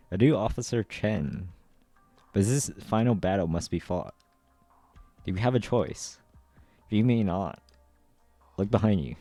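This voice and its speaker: A man streaming a readthrough of a game's story, reading every part in a steady, even way. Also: low-pitched, no room sound. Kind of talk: dramatic readthrough of game dialogue.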